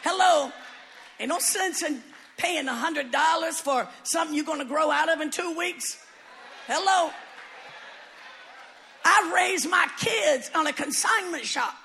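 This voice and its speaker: A woman preaching a sermon, shouting in a sing-song cadence and repeating lines for emphasis. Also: sits high, measured pace, pauses often, a faint crowd, slight background noise. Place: church service.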